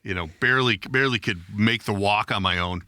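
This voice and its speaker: Middle-aged male podcast host, profane self-deprecating storyteller, bright tone, dry booth. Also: on the low side, brisk, dry recording. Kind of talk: casual storytelling chat.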